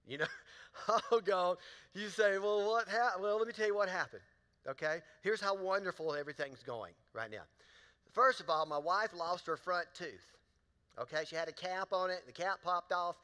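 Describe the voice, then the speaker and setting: High bright pastor in a big church. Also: male voice, moderate pace. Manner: folksy storytelling, talks to the crowd. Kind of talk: sermon. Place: large church auditorium. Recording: long hall reverb in a church.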